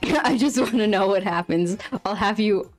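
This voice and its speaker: A young woman with a medium-pitched voice speaks at normal speed as she draws live, soft music playing behind her. She's flustered and apologetic, laughing and exclaiming often as she addresses her chat.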